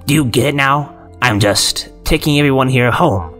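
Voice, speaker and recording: Man doing a gruff, sinister possessed general. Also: medium pitch, a bit bright, soft background music, voice pushed up, close to an everyday voice. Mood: commanding. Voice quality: gruff, slow and delicate. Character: sinister male military general, possessed, coldly coaxing.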